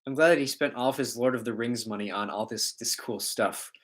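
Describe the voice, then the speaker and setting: A man with a mid-range, fairly bright voice talks fairly quickly through a casual livestream. He reads viewers' comments aloud and riffs on them, rambling, joking and laughing often along the way.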